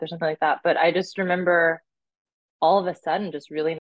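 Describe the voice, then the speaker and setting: A woman's voice: sits low, moderate pace, no echo, narrow, tinny audio. A young woman telling stories in casual chat, who fills her talk with "like" and acts out quotes. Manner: chatty storyteller, says "like" a lot, acts out quotes.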